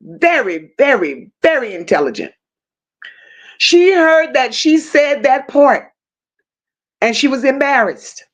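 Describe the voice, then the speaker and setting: This woman's voice is high-pitched and sing-song, her pace slow with long pauses. Hosting a casual true crime livestream, she tells the story bluntly with strong emotion, swears freely, and talks directly to viewers.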